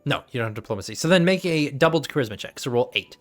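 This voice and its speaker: A man acting as game master of a tabletop game, rambling with many fillers and quick laughs. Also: medium pitch, expressive, fairly bright tone, faint music behind.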